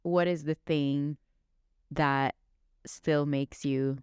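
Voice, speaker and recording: A woman's voice: low voice, fairly even intonation, very slow, darkish tone, clear, resonant tone, no room sound, studio quality. A young woman, co-hosting a podcast in a playful, teasing chat. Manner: playful, teasing, laughs often. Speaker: podcast co-host. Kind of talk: casual chat.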